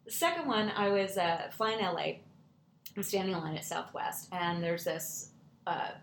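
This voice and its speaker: A woman hosting a podcast, telling stories in an animated, emphatic, casual way. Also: on the low side, normal speed, roomy sound, slight background noise. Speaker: podcast host. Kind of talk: casual storytelling chat.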